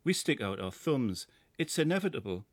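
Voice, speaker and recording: Geordie male narrator, middle-aged, measured lyrical read, mid pitch, dry booth sound. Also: big pitch swings, slightly rough, no room sound. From North East England. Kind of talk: scripted first-person narration.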